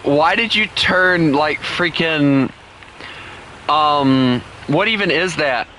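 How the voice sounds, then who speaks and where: A young man chatting and teasing friends while streaming a game, playful and quick to laugh. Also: fairly high pitch, pushed and bright, slight background noise. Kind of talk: casual gaming stream chat.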